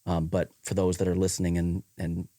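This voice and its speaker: A man's voice: low-pitched, completely flat delivery, brisk, mellow, no room sound, clean studio sound. A man with a Wisconsin accent in casual podcast chat, rambling with many fillers and restarts. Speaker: podcast co-host.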